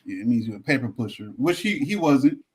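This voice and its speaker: A man's voice: medium pitch, animated, fairly quick. Joking podcast co-host man. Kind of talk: casual panel chat.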